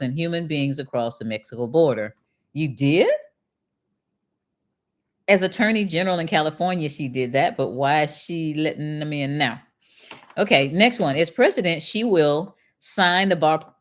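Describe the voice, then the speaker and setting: An older woman from Detroit reading political promises aloud to a live chat and answering them with sarcastic, indignant asides. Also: deep voice. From Detroit, USA. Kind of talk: casual livestream commentary.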